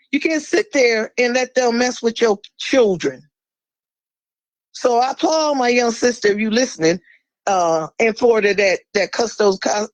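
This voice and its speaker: A woman speaking as a guest in a podcast conversation, blunt and fiery. She swears freely and drops suddenly into a low, slow voice for emphasis. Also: no room sound, poor audio.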